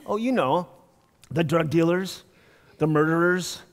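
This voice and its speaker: A pastor voicing a cheerful bus driver who is a church elder, talking in an upbeat, eager way. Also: male voice, a little high, unhurried. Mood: reassuring. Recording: long church reverb.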